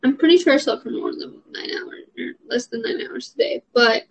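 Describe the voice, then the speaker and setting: A woman's voice: sits high, big pitch swings, moderate pace, creaky. A young adult woman in a casual vlog, answering question prompts in a rambling, frank way with lots of fillers. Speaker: vlogger. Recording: dull lo-fi audio.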